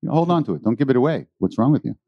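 A man telling rambling, animated stories to an audience as a spiritual teacher, often laughing. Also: mid-range voice, racing, dry recording, highs cut off. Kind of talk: storytelling talk to an audience.

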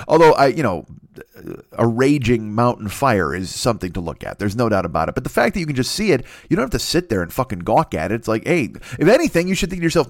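A man's voice: medium pitch, sing-song, fairly quick, no echo, clean studio sound. Rambling, profane man in his fifties. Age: 50s. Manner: rambling, profane, self-deprecating, many restarts. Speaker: podcast host. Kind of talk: casual solo monologue.

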